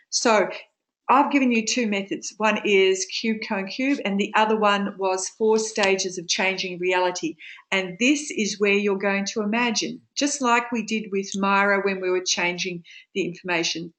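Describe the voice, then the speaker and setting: A woman teaching a study group in a webinar, explaining steps slowly with frequent ums. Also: mid-range voice, fairly bright tone. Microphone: webinar microphone.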